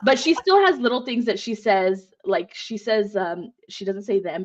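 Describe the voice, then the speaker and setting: A woman co-host chatting casually, telling animated stories and often breaking into laughter. Her voice is mid-pitched. The recording sounds a bit dull and muffled. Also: moderate pace, hardly any pauses, far from the mic. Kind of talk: casual chat.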